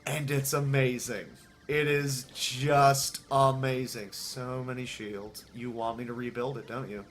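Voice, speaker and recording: A man commentating his own speedrun live, excitable and self-deprecating, chatting with viewers as he plays. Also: medium pitch, unhurried, a little hiss or hum.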